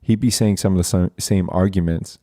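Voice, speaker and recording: A male podcast host in casual conversation, with a low voice and a mellow, dark tone. He talks in a relaxed, chatty way and laughs easily. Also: fairly quick.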